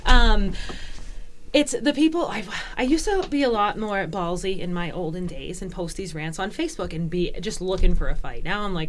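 A woman's voice: lowish voice, normal speed, a little hiss or hum. A young woman chatting casually, blunt and profane, ranting and acting out other people's lines. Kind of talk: casual chat.

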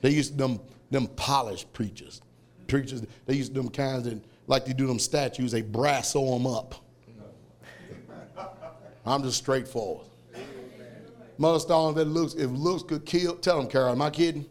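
A man preaching a fiery sermon, shouting and laughing as he tells stories. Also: medium pitch, moderate pace, long pauses. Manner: loud, shouting, laughing, animated storytelling.

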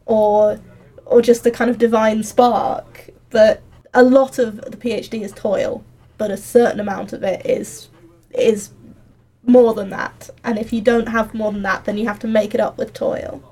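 A woman working on a history PhD talks through her ideas in relaxed group conversation. Her voice sits a little high, and she laughs easily between thoughts. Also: a little slow. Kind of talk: casual podcast chat.

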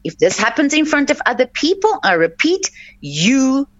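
A woman's voice: sits high, big pitch swings, normal speed, no echo. A woman hosting a radio coaching show, giving earnest advice and repeating her points for emphasis. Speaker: life coach and radio host. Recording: dull lo-fi, dry sound.

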